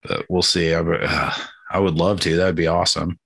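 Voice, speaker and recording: A man in his thirties talks in a very low voice with a bright, forceful edge. He rambles through casual podcast chat, swearing often and leaning on "like" fillers. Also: little pitch movement, moderate pace, creaky, breathy edge. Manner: rambling, profane, many "like" fillers. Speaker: podcast co-host.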